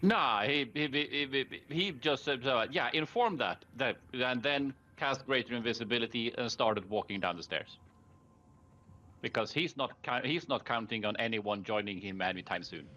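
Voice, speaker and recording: A man running a tabletop game as game master, lively and quick to joke with the players. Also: medium pitch, lo-fi sound.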